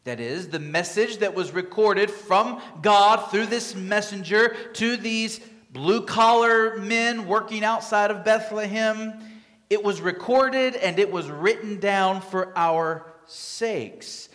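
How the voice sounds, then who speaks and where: A pastor preaching a sermon to his congregation in a conversational way, often pausing with fillers and restarting his sentences. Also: sits high, fairly bright tone. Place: church sanctuary. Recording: long hall reverb.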